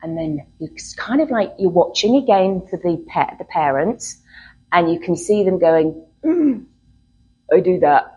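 A woman's voice: lowish voice, a little slow, darkish tone, husky, highs cut off. A middle-aged woman, a therapist, teaching a live workshop to a group in a chatty way, often checking in with "okay?".

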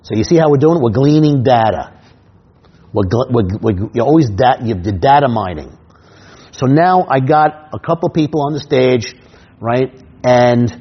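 Mid-range and slightly rough, a New York-accented stage hypnotist gives instructional talk to other performers on a lo-fi recording. He's punchy, keeps asking "right?" and acts out scenes.

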